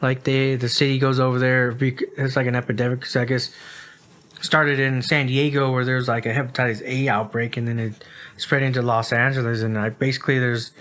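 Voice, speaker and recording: A man's voice: mid-range voice, little pitch movement, a little fast, a bit bright. A man from the United States co-hosts a laid-back podcast. He sounds worn out and yawny. His talk wanders and is padded with fillers. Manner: rambling, filler-heavy, says "like" and "dude" a lot. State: tired, yawning. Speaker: podcast co-host. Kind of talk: casual chat.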